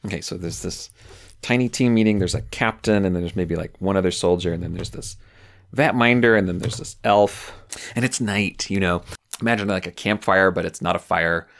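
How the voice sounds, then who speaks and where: A man's voice: low voice, brisk, creaky, fairly bright tone. A man running a solo tabletop game, musing aloud with loose, filler-heavy narration. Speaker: game master.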